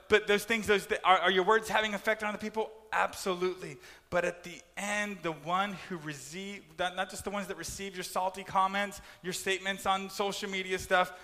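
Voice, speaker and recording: A man preaching a sermon as pastor, animated and acting out complaining voices. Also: sits high, long reverb tail.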